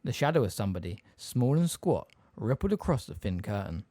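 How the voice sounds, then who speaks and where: Guy reading an audiobook, lively up and down voice, dry close sound. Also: on the low side, a little fast, dry recording. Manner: expressive, storytelling. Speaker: audiobook reader. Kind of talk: scripted narration.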